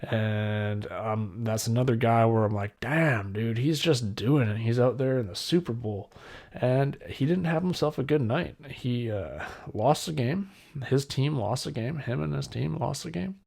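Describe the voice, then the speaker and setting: A twenties-aged podcast host talks a little slowly in a warm, creaky, medium-pitched voice. Alone on his casual show, he rambles candidly and makes self-deprecating jokes, with wet mouth sounds audible.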